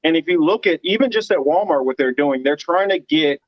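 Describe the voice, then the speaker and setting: A man's voice: fairly high pitch, animated, brisk, no room sound, highs cut off. A man hosting a casual online panel chat, rambling with lots of fillers and restarts. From United States. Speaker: podcast host.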